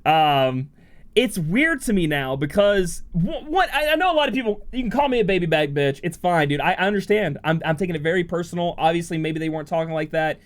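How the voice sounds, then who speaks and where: A man's voice: on the high side, very animated, normal speed, a bit bright, faint music behind. A man streaming a mobile game, chatting casually and reading his chat as he rambles emotionally and swears freely. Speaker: game streamer and content creator.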